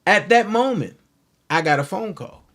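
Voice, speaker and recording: A man's voice: high-pitched, lively intonation, moderate pace, fairly bright tone. Rambling man telling a story on his channel. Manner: rambling, conversational, restarts and asides. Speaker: commentary channel host. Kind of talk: casual livestream storytelling.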